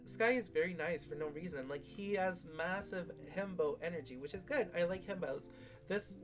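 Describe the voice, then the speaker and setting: A host casually recapping and critiquing a series, talking in a rambling way with lots of fillers and strong opinions. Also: mid-range voice. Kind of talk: casual video discussion.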